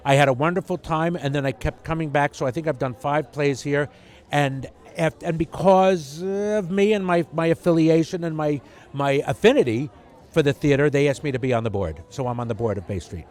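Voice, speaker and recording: A man's voice: fairly high pitch, a little fast, darkish tone. Wry, rambling man at a gala. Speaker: actor and board member. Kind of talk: red-carpet interview.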